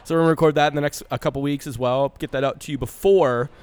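A man's voice: a little high, fairly even intonation, quick pace, a little mellow, smooth. A man in his thirties co-hosting a casual podcast in a bar, rambling, swearing and laughing a lot. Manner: laughs often, rambling with fillers and profanity. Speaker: podcast co-host.

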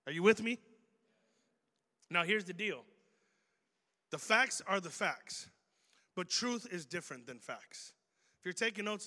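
A man preaching a sermon to a room, animated and joking as he makes his points. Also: high voice. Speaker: pastor. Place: church auditorium. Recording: reverberant hall. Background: long hall reverb.

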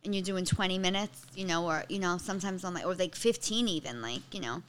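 A woman from the Bronx with a Bronx New York accent, a guest comedian chatting fast on a podcast, full of restarts and "like". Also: lowish voice, a little hiss or hum. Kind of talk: casual podcast chat.

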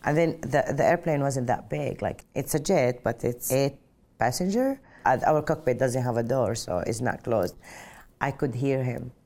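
A woman's voice: very deep voice, normal speed, warm tone. A middle-aged woman from Arabia, a pilot telling her story in an earnest, reflective interview and often saying "just like". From Saudi Arabia.

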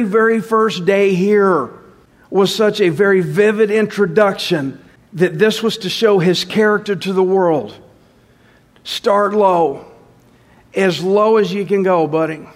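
Guy preaching a sermon, pretty high voice, gets loud then drops way down quiet, drags out the key words. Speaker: pastor.

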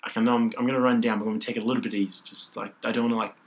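Gravelly young man, chatty storyteller. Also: medium pitch, racing, rough recording. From Australia. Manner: animated, says "like" constantly. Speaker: triple jumper guest. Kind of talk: casual interview storytelling.

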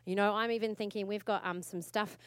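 A woman's voice: medium pitch, fairly even intonation, brisk, clean tone, dry recording. A woman pastor with a New Zealand accent preaching a sermon in a church, earnest and exhorting, repeating her points for emphasis.

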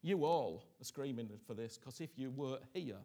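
A middle-aged man preaching a sermon, moving from hushed whispers to loud, pleading outbursts and asking his listeners again and again whether they understand him. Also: medium pitch, lively intonation, normal speed. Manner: repeats himself, asks "you understand me?" often.

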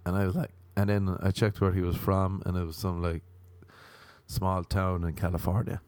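Sardonic Irish man, low voice. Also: little pitch movement, normal speed, darkish tone, dry recording. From Ireland. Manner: rambling, sardonic, ranting. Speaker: comedian and podcast host. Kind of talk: casual podcast chat.

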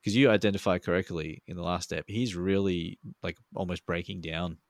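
A man's voice: deep voice, steady tone, brisk, no room sound, clean studio sound. A man co-hosting a podcast over a remote call, talking in a rambling, laid-back way and swearing freely. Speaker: podcast co-host. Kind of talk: casual podcast chat.

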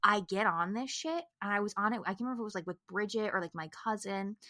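A woman podcast co-host with a bright, sharp voice, chatting casually and animatedly. She swears freely and fills her talk with "like". The sound is dry and close. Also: medium pitch, fast talker, no room sound. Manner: animated, profane, heavy use of "like". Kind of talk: casual chat.

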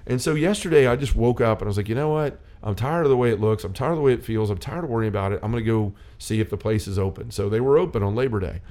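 A man's voice: lowish voice, very fast, hardly any pauses, darkish tone. A middle-aged man hosting a faith-based chat, telling a personal story in an earnest, rambling way. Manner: earnest storytelling, many restarts and quoted dialogue.

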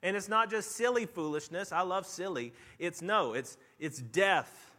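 A man preaching a sermon, telling a lively story with animated, rising outbursts before quieting down to make his point. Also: sits high, a little slow, long reverb tail. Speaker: pastor.

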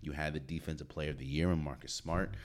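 A man with an extremely low pitch and a quick pace runs a solo sports podcast, with a little hiss or hum on the podcast mic. Casual and animated, he laughs a lot and repeats words as he restarts.

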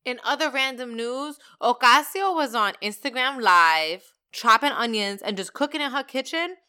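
A woman with a bright, crisp voice hosts her own podcast, talking in a loose, casual rant. She rushes along, full of slang and cheerful swearing, her words clear and sharp. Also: fairly high pitch. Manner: animated, slangy and profane, talks fast. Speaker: podcast host.

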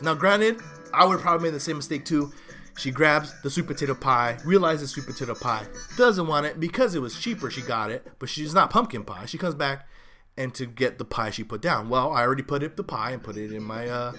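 This host has a mid-range voice with a sharp tone and talks fairly quickly, faint music playing behind him. He spins a casual storytelling monologue that rambles loosely, restarting and tossing in side comments.

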